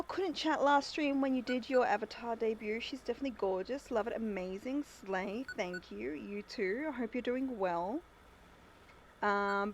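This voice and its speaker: A woman's voice: on the high side, unhurried, slight background noise, rough recording. Chatty young woman streaming a game. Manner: chatty, reacts and reads chat aloud. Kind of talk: casual game commentary.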